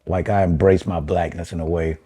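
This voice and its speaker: A man in his forties from Chicago's west side, a comedian guest telling animated, profane stories in casual chat. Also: fairly quick, husky. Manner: animated, does high mocking voices of relatives, swears a lot.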